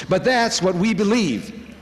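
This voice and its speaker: A man gives a spiritual talk in a large conference hall, his fairly high voice swinging widely as he builds to fervent, exclamatory questions. A long reverb trails every phrase and carries it across the room. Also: slight background noise. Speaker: speaker at a spiritual retreat.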